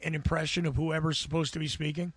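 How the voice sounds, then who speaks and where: An American man with a gravelly, buzzing voice, chatting casually as a podcast guest and rambling with stammered restarts. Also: a little high, flat delivery, fast talker, no echo. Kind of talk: casual chat.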